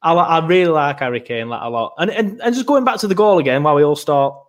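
Laid-back man, higher voice. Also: expressive, quick pace. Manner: laid-back, hesitant, many fillers. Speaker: podcast co-host. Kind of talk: casual football chat.

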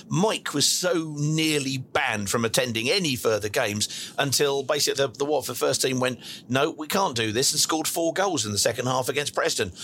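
A man's voice: medium pitch, bright, forceful tone, slight background noise. Jovial man hosting a chat. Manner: jovial, reads out listener messages. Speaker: podcast host. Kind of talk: casual live audio chat.

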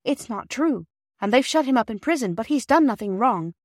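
A woman's voice: fairly high pitch, animated, brisk, no room sound, clean studio sound, pitched above the performer's own voice. A woman reading a storybook aloud, voicing a firm, reassuring mother. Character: loving mother, steady and proud.

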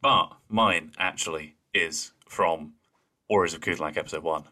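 Deep bright-toned man, animated. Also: measured pace. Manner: animated, laughs easily, does mocking impressions of deadpan lines. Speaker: podcast co-host. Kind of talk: casual chat.

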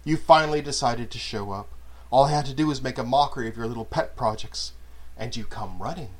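A man's voice: mid-range voice, brisk, close to an everyday voice. A man voicing a sneering, gleeful villain. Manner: sneering, theatrical. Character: mocking sinister male outcast, gleeful and cruel.

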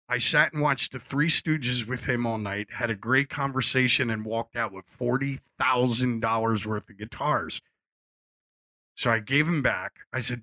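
A middle-aged man spins a casual anecdote with lively, animated delivery, jumping into the voices of the people in his story. His voice is bright and forward, and the sound is dry and close, with no room around it. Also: mid-range voice, unhurried, no room sound. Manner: animated storyteller, acts out quotes, swears freely. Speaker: musician telling a story.

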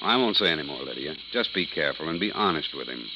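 A grave, reserved doctor in an old radio drama with a very deep voice. The broadcast is muffled and full of hiss. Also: male voice, quick pace. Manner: calm, reserved, cautioning. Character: grave, measured family doctor. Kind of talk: 1940s radio acting. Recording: noisy, dull old radio recording.

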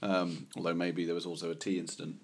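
A man's voice: deep voice, level tone, quick pace, breathy edge. A middle-aged man from London, co-hosting a podcast in a chatty, jokey way and laughing easily. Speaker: podcast co-host. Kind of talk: casual chat.

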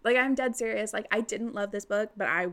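Gravelly young woman chatting about books. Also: mid-range voice, brisk. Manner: animated, swearing, laughs often. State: tipsy. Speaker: podcast co-host. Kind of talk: casual book chat.

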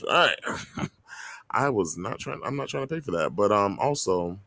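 A man's voice: on the low side, animated, a little slow, pushed and bright, dry recording, studio quality. A man from Florida co-hosting a podcast, joking in playful, slangy banter. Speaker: podcast co-host. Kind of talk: casual chat.

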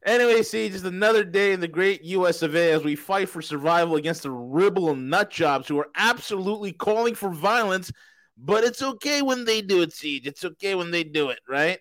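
A man's voice: sits high, lively intonation, a little fast, a bit bright, dry recording. A man hosting a casual political podcast, bantering in a sarcastic, mocking way. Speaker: podcast host. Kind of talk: casual political talk show.

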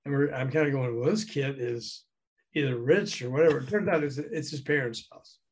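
An older man, a guest in an interview, telling animated anecdotes with chuckles and acting out quoted dialogue. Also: mid-range voice, brisk, husky. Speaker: guest, former record promotion man. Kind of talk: casual storytelling interview.

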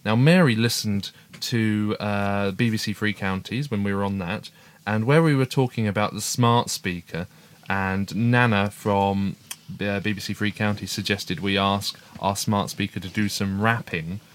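A man's voice: lowish voice, unhurried. A middle-aged man co-hosting a casual family podcast, chatty and upbeat as he reads out listener emails. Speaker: podcast co-host, father.

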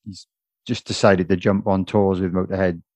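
A man hosting a casual interview chat, encouraging his guest with quick affirmations. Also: deep voice, level tone, a little mellow.

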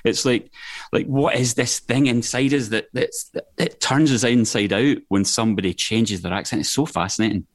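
A middle-aged Scottish filmmaker chatting as a podcast guest, animated and emphatic, his pitch jumping up as he gets going. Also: moderate pace, no room sound, studio quality. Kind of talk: casual podcast chat.

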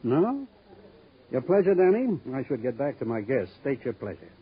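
An actor playing a smooth, menacing gambling boss who mocks a detective, in 1950s radio drama acting. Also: male voice, mid-range voice, sing-song, moderate pace. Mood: mocking. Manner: silky, mocking, theatrical. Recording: dull old radio recording.

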